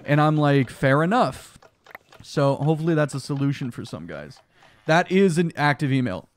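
A man's voice: a little high, lively intonation, fairly quick. A young man streaming a block game live, chatting casually and reading his chat aloud, tired from lack of sleep. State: sleep deprived, yawning.

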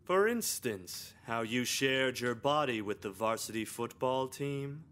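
An actor playing a predatory male school staff member who taunts a student in a smooth, insinuating way. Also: medium pitch, lively intonation, measured pace, fairly bright tone. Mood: sly, taunting. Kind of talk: video game voice acting.

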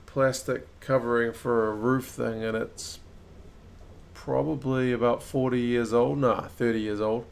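Brief: New Zealand man, home-streamed rugby watch-along, casual live calls, mid-pitch. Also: flat delivery, vocal fry. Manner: rises and quickens at close plays. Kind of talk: live match commentary and chat.

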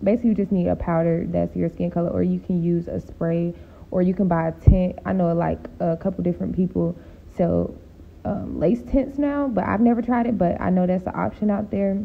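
A woman's voice: steady tone, brisk, phone-quality sound. A tired woman chatting casually in a voice-over for her beauty vlog, laid-back and sleepy. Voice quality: deep gravelly voice. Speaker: beauty vlogger. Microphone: home voice-over mic.

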